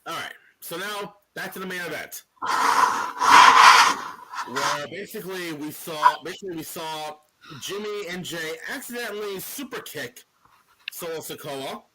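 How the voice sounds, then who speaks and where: A man's voice: a little high, a little slow, pauses often, a little hiss or hum, poor audio. A man co-hosting a wrestling podcast, chatting casually and retelling matches with lots of energy. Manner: animated, does loud mocking voices when retelling. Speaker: podcast co-host.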